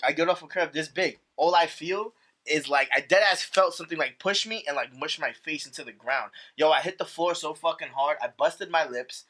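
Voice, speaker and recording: A man's voice: on the high side, brisk, sharp tone. A young man, telling a story in casual, profane chat and repeating himself as he goes. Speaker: podcast guest.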